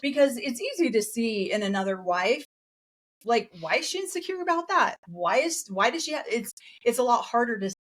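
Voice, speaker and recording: A woman's voice: a little high, moderate pace. Chatty woman recapping a TV show. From raised in a polygamist group in the US West. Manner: chatty, animated, acts out quotes in other voices. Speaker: podcast co-host. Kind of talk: casual reaction chat.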